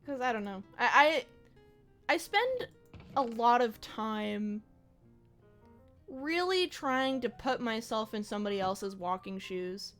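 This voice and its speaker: A woman's voice: on the high side, very animated, slow pace, pauses often, a bit bright, faint music behind. A young woman streaming a game, chatting casually in a rambling, reflective way with slang and swearing. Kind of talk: casual chat while gaming on stream.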